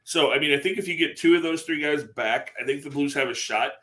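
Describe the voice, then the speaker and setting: A man co-hosting a sports podcast, giving agreeable, measured replies in casual talk. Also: fairly high pitch, bright, forceful tone. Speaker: podcast co-host.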